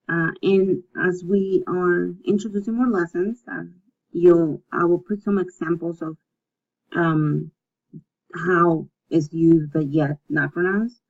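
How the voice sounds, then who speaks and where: A woman teaching a recorded language lesson, speaking slowly and patiently and repeating words so learners can practice. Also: on the low side, creaky, darkish tone. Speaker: Spanish teacher. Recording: dull lo-fi recording.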